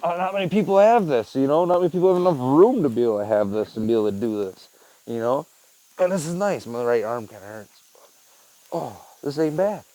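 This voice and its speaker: In a dry recording, a young man vlogs casually from a rural backyard, rambling into a handheld phone camera with many fillers. He has a warm, mid-range voice and speaks fast and expressively.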